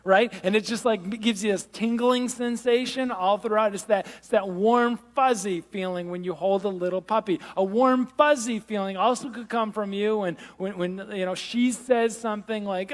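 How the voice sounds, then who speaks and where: A man's voice: high-pitched, normal speed. A male pastor giving a conversational sermon with self-deprecating humor, drawing the congregation in. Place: large church hall. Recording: long reverb of a church hall.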